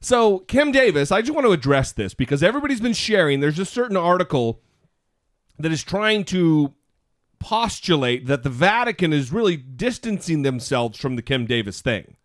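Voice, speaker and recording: Male podcast co-host, lively pitch, dry close mic, rambling and self-deprecating. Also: moderate pace, dry recording. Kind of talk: casual podcast chat.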